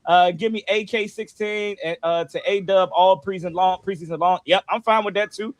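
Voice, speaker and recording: Young male host, high voice, easygoing; gives shout-outs and answers comments on a live sports stream. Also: steady tone, brisk, dry recording. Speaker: podcast host reading live chat. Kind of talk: casual sports talk stream.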